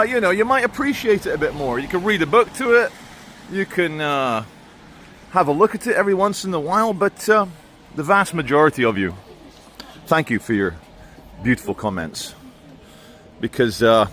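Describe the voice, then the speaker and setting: A man's voice: a little high, sharp tone. Rambling man vlogging outdoors. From Brazil. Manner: chatty, rambling, opinionated, self-correcting. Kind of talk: casual walking vlog. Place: outdoors in a town, walking. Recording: outdoor street noise.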